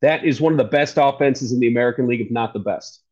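A man talking baseball casually as the show's analyst, quick and chatty, often correcting himself. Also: medium pitch, darkish tone, dull audio. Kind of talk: casual sports talk.

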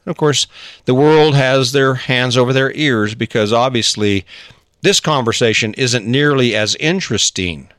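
A man's voice: medium pitch, moderate pace, a bit bright, no echo, clean studio sound. A man hosting a solo motivational podcast, talking earnestly and rambling, with many restarts as he acts out inner voices. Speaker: podcast host.

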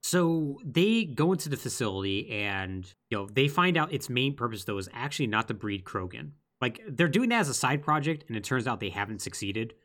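Male podcast co-host, animated storyteller, very lively pitch, casual game recap. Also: a little fast, few pauses.

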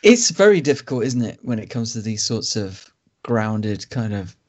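A man hosting a games podcast, talking in an easygoing way and thinking out loud. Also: on the low side, very animated, moderate pace, highs cut off. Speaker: podcast host. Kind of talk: casual chat.

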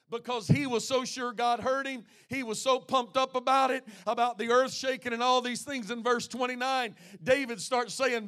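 A man with a high-pitched voice preaches a sermon. He swings from ringing exclamations down to hushed, intimate asides, and he reads scripture aloud between his points. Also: fairly even intonation, moderate pace, clean tone. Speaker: pastor.

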